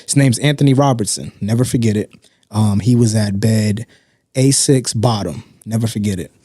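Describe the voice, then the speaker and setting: A man with a low, mellow voice tells his story in an animated, streetwise way, often checking in with his listener. He is recorded dry and close in a podcast studio. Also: normal speed, dry recording. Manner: animated, streetwise, repeats "you know what I'm saying". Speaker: guest speaker. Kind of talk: personal storytelling.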